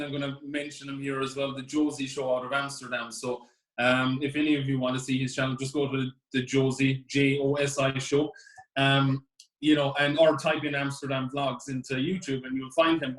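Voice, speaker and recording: A man's voice: flat delivery, moderate pace, a bit bright. A man co-hosting a casual chat, talking in a rambling, enthusiastic way. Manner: rambling, enthusiastic, breaks into high laughs. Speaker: co-host. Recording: echoey room.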